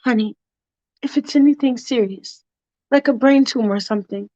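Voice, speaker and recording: A woman voicing a worried middle-aged mother who frets and pleads in a high, fluttery voice. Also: normal speed, warm tone, muffled recording, lightly acted. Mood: fretful.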